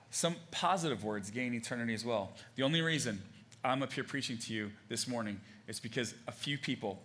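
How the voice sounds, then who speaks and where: A man's voice: medium pitch, fairly bright tone, a little hiss or hum. A man preaching a sermon in church, talking conversationally with many fillers and restarts and acting out quoted phrases. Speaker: pastor. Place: church stage.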